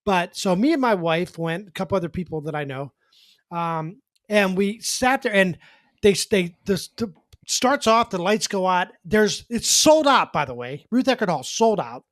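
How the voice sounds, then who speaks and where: A man in his sixties telling a story in casual podcast chat, animated and quick with his asides. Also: sits high, no echo. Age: 60s. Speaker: guest, former radio co-host and columnist.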